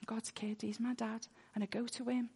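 A woman's voice: a little high, level tone, moderate pace, darkish tone, husky. A woman preaching a sermon full of personal testimony, earnest, and she repeats words when she gets worked up.

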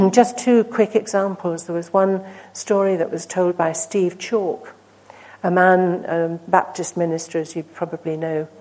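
A woman delivers a sermon in a mellow, darker voice. She tells stories earnestly, pushing lines out with emphasis and then letting them fall almost to a hush. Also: fairly low pitch, fairly even intonation, measured pace, poor audio. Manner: earnest, rising to emphatic then dropping to hushed. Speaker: preacher.

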